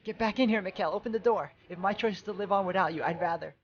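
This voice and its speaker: A man's voice: sits high, fast, highs cut off, voice pushed up. A man voicing a desperate young woman, pleading with her lover in a frantic, raised voice as he reads game dialogue aloud.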